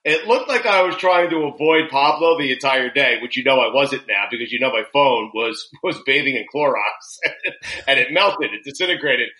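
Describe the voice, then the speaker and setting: A man hosting a casual comedy podcast, telling stories in an animated way, laughing often and swearing freely. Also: medium pitch, normal speed, low-quality recording. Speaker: podcast host.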